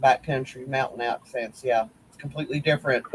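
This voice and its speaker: A man's voice: medium pitch, fairly even intonation, brisk, husky, low-quality recording. Folksy man telling stories. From West Virginia. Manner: rambling storyteller, folksy, teasing. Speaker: crochet group admin. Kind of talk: casual livestream chat.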